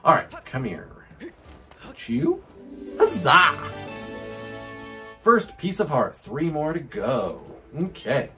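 An excitable man plays through a game and narrates every move to himself. His pitch jumps all over as he whoops and laughs, yet he talks at an easy, drawn-out pace. Soft game music runs quietly beneath him. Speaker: gaming channel host. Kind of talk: let's play commentary.

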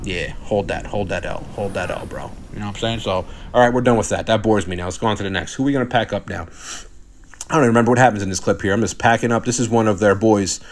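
A young man with a lowish voice talks at a quick pace as he boasts over his own gameplay clips. He's a gaming video commentator whose style is swaggering, cocky trash talk.

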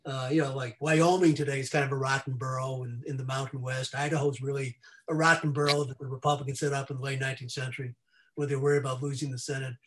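A man's voice: medium pitch, level tone, fast, fairly bright tone. A man speaking as an invited scholar in a seminar discussion over a video call, rambling through asides and restarting his sentences.

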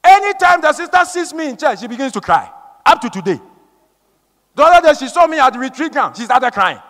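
A male preacher giving a sermon with emphatic, repetitive storytelling that swings from hushed tones to shouting. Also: very high-pitched, very animated, a little fast. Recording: long reverb of a large hall.

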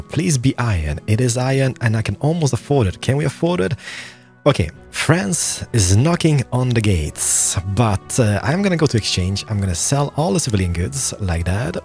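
A young man casually commentating his play through a strategy game, excitable and muttering to himself as he plays. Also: mid-range voice. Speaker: gaming YouTuber. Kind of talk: gameplay commentary.

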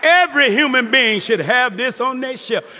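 A man preaching, his voice very high and piercingly bright. He tells his story, then breaks into shouts and quick asides to the audience. The sound rings with long reverb from a big hall, and a faint crowd is heard behind him. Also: animated, slight background noise. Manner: preaching, rising to shouts, call-and-response asides. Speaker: minister. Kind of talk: sermon testimony. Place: large hall before an audience.

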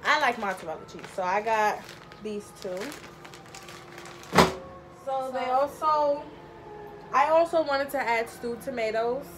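A woman's voice: fairly high pitch, unhurried, long pauses, noisy background. Chatty young woman cooking at home. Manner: chatty and rambling, thinks aloud with many fillers. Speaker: home cook vlogger. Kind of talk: casual cooking tutorial. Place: home kitchen.

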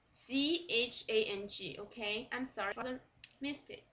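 A woman's voice: a little high, a little slow, sharp tone. A woman with a Chinese accent teaching Mandarin, repeating each phrase and glossing it word by word in English. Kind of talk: slow vocabulary lesson.

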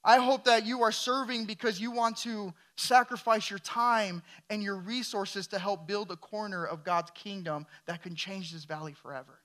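A man's voice: high voice, fairly even intonation, normal speed, few pauses, fairly bright tone. A man preaching a sermon as a pastor, emphatic and firing questions at his congregation.

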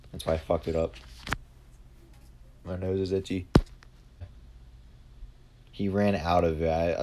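Deep-voiced young man cursing through gameplay. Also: creaky, a little hiss or hum. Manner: swears a lot, flares into shouted frustration. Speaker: gaming video host. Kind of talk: casual gameplay commentary.

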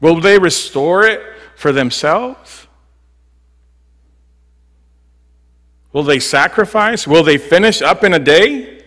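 A man's voice: a little high, a bit bright. A preacher putting on the voice of a scornful man mocking builders, firing off incredulous questions. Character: scornful jeering ancient enemy leader, man. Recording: long church reverb.

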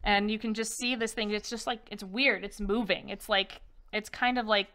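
A woman's voice: mid-range voice, fairly even intonation, normal speed, bright, forceful tone. A woman narrating as dungeon master in a rambling way, full of fillers. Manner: rambling, filler-heavy, laughs often. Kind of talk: narrating a tabletop game.

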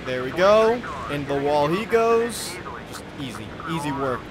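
A man's voice: a little high, lively intonation, a little slow, crowd noise. A man hosting his gaming channel, commentating a racing game with playful, mock-villainous trash talk. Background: game music.

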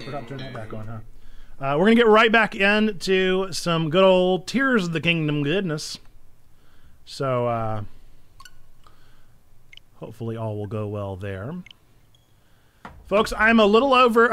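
Excitable high-voiced male streamer. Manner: excitable, giggly, animated. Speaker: game streamer host. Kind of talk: casual live-stream chat.

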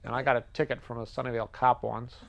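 A man's voice: medium pitch, flat delivery, vocal fry. A man hosting a public access TV show, rambling through a comic monologue and acting out both sides of conversations. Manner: rambling, self-mocking, acts out dialogue in quick voices. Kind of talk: casual comedic monologue. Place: TV studio.

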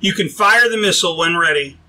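A man reading an audiobook, voicing a male flight director answering briskly over the radio. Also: high voice, sharp tone, low-quality recording.

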